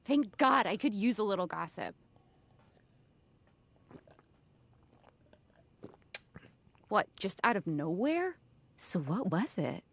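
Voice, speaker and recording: A woman's voice: medium pitch, big pitch swings, moderate pace, gravelly, fairly bright tone, slightly rough, full character voice. An actress voicing a chatty, teasing young woman friend in a video game, hungry for gossip and incredulous at what she hears. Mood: curious.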